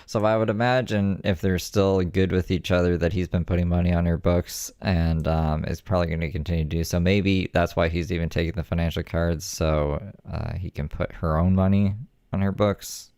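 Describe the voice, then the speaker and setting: A man with a very low voice talks through the clip in a relaxed, sarcastic way, doubting what he hears. His voice is close to the mic and completely dry, with no room sound. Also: moderate pace, clean tone, dry recording. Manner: sarcastic, skeptical, offhand. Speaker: commentary streamer. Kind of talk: casual commentary.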